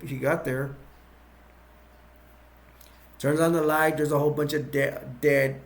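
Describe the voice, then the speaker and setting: A man reviewing a movie by retelling its plot in a rambling, halting way, with many restarts. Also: medium pitch, vocal fry.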